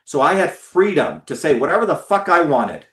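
A man's voice: a little high, big pitch swings, normal speed, fairly bright tone, reverberant. A man giving an impassioned, profane talk to his followers, stressing and repeating words. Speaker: political speaker.

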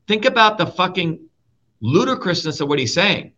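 A man from India delivers a heated political rant with a bright, forceful edge, swearing freely and hammering his points with repetition. His voice sits a little high for a man, and the audio sounds somewhat dull and lo-fi. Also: sing-song, normal speed. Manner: profane, emphatic, repeats key words. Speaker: show host and guest speaker.

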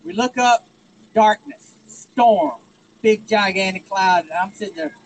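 A man with a Texan accent spins a joking, rambling tale from an outdoor stage. His voice sits high for a man. A faint hum of noise runs under his handheld mic. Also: poor audio. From Texas. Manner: joking, drawn-out storyteller. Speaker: rally speaker. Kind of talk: folksy storytelling.

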